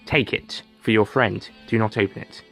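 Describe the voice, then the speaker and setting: Creepy old junk shop guy w a weird accent, done by a man, clipped short lines, soft music under it. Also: fairly low pitch, steady tone, moderate pace, creaky. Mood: cryptic, insistent. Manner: clipped, repeating himself.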